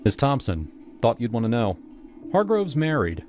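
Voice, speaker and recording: A man voicing a brisk, no-nonsense female police detective in a curt, clipped way. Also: medium pitch, huge pitch swings, darkish tone. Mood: matter-of-fact. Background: music.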